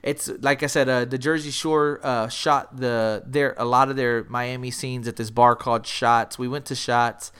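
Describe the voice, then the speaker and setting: A man's voice: mid-range voice, normal speed, few pauses, smooth. Brief: male podcast co-host, casual storyteller, swears freely, quotes people in character. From Texas. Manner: rambling, profane, acts out quotes with rising excitement.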